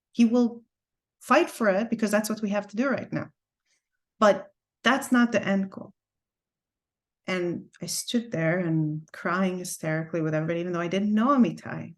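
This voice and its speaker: A woman teaching an online class over a video call, telling a personal story earnestly and with deep feeling. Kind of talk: heartfelt personal talk to a class.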